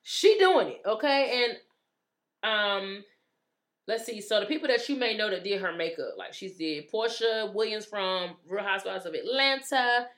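A woman hosts a casual talk show. She speaks in a chatty, familiar way, calling her listeners "ladies" and "honey." Her voice sits at an ordinary middle pitch for a woman. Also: lively intonation, moderate pace, fairly bright tone. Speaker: podcast co-host. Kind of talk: casual chat.

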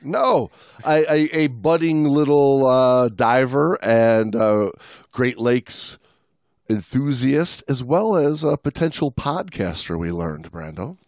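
A man's voice: medium pitch, animated, darkish tone, dry recording, clean studio sound. A man co-hosting a podcast interview, talking casually with a teasing, joking manner and stretched-out words. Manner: jokey, teasing, drawn-out words. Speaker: podcast co-host. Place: live event booth at a film festival.

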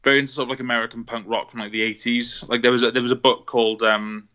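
A Welsh man guests on a music podcast over a phone call, chatting casually about music. He rambles with lots of fillers and restarts and laughs easily, his mid-range voice level in tone, quick, pushed and bright, though the audio is dull.

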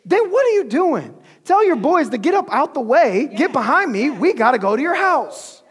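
A man's voice: very high-pitched, big pitch swings, moderate pace, fairly bright tone, exaggerated voice. A man voicing a bold, commanding teacher who speaks in casual slang. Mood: urgent. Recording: long hall reverb.

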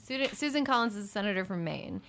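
A woman's voice: medium pitch, animated, quick pace, fairly bright tone. A woman guest on a comedy podcast, explaining politics with lots of fillers and restarts. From Midwest. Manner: explains politics in rambling, filler-heavy bursts. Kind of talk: casual comedic banter.

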